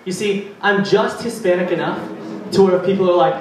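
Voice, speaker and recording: A young male comic with a high voice rambles through his set and needles the crowd. He sounds far from the microphone, and his voice echoes heavily in the room. A faint hum sits under it. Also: moderate pace. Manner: rambling, chatty, teasing the audience. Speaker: stand-up comedian. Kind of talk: stand-up routine. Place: live comedy venue. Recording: echoey venue, far from mic.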